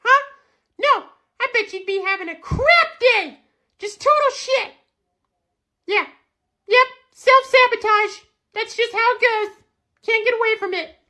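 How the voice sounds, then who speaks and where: A tiny furry red monster squeaks in a very high, bright voice. He rambles through profane, mock-dramatic rants in a childlike puppet manner. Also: measured pace, pauses often, exaggerated voice. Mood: ranting.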